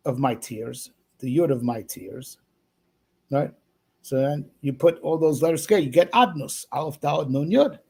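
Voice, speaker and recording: A man's voice: fairly high pitch, gravelly, breathy edge. A man, a rabbi, giving a loose, rambling Torah lesson, full of fillers and frequent "right?" check-ins. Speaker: rabbi teaching.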